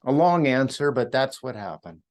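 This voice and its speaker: Man, middle-aged, earnest, reflective, mid-pitched voice, halting personal storytelling. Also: sing-song, a little mellow. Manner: earnest, reflective, with frequent fillers and restarts. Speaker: podcast host and author sharing his recovery story.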